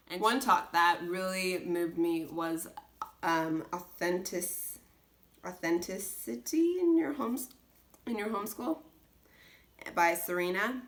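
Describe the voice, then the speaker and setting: A young mother chats to the camera about homeschooling in an earnest, rambling way, looping back with restarts and filler words. Her voice sits a little low for a woman. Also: takes it slowly, slight background noise. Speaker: homeschooling mom vlogger. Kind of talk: casual chat.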